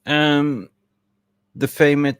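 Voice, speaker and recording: A man's voice: a little high, little pitch movement, drawn-out words, clear, resonant tone, dry recording, clean studio sound. A man hosting a live stream, talking in a casual, effusive and rambling way. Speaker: livestream host.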